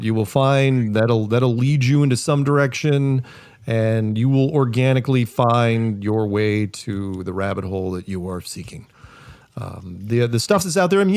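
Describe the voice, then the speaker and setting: A man sits in as a podcast guest and spins long, meandering stories. He stops often to correct himself, and his jokes land deadpan and wry. His middle-pitched voice is recorded close and dry. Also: no echo. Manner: rambling, self-correcting, with frequent fillers. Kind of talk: casual storytelling.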